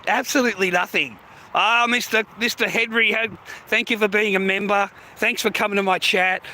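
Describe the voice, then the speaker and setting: A man's voice: high-pitched, fairly even intonation, normal speed, bright, forceful tone, slight background noise. An Australian man griping at his live-stream chat in casual talk, swearing heavily and laughing between complaints. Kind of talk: casual livestream rant.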